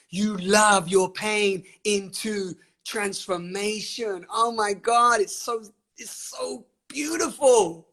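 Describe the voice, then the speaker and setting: Passionate husky-voiced man on a live stream. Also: high voice. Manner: animated, emphatic, laughs often, swears. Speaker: host of live online sessions. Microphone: webcam or phone on a live stream.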